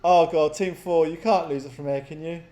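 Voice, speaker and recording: A man giving chatty, excitable live commentary on a strategy game match, often laughing. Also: on the high side, moderate pace, a little hiss or hum. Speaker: game caster.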